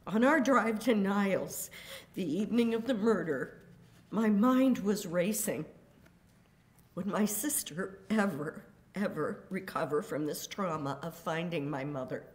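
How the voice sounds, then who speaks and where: An older woman reading a prepared statement in a courtroom, grave and deliberate, with measured emphasis on each word. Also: fairly low pitch. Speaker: victim's daughter giving a statement.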